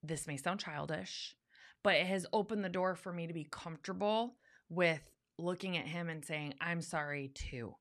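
A woman's voice: on the low side, normal speed, a bit bright. A woman co-hosting a podcast, talking candidly and earnestly, repeating words for emphasis. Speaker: podcast co-host. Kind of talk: casual chat.

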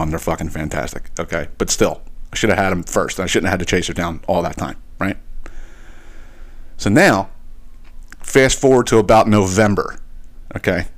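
A man hosting a podcast, telling a long exasperated story in a casual, profane ranting way. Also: sits low. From eastern Pennsylvania. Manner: profane, exasperated, animated retelling. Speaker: podcast host.

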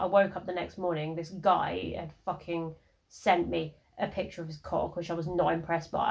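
A woman's voice: on the low side, darkish tone. Frank, sweary young woman. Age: early 20s. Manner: frank, rambling, heavy swearing. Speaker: podcast host. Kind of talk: casual personal storytelling.

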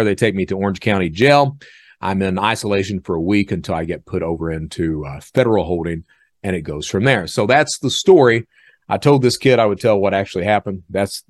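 A man hosting a podcast, telling a story in a casual, animated way and acting out other people's lines. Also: deep voice, a little fast, no echo, clean studio sound. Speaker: podcast host.

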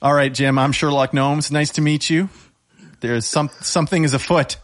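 Guy running a tabletop game, playful, reads the rules out, voice on the higher side. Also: steady tone, normal speed. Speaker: game organizer. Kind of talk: tabletop role-play chat.

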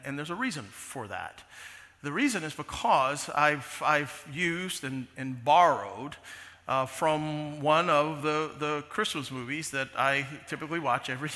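A man's voice: mid-range voice, bright, forceful tone, in a large hall. A man preaching a sermon as pastor, conversational and full of restarts and fillers, in a large church sanctuary.

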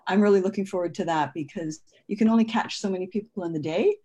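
Upbeat woman with a mellow voice. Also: mid-range voice, fast talker, a little hiss or hum. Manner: chatty, upbeat, laughs. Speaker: panel guest. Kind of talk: casual panel chat.

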